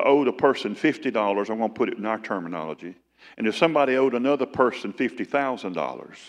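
A male pastor voicing a calm, authoritative teacher from scripture, speaking slowly and with emphasis. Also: mid-range voice, in a large hall, natural voice. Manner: slow, deliberate, emphatic quoting.

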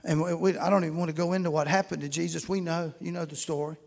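A middle-aged man preaching a sermon with folksy storytelling, acting out shouting congregants as he goes. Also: on the high side, fairly even intonation, quick pace, creaky.

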